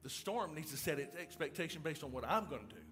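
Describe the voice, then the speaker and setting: A middle-aged male pastor delivering a sermon, moving from calm storytelling to loud, excited preaching. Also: fairly high pitch, fast talker, faint music behind.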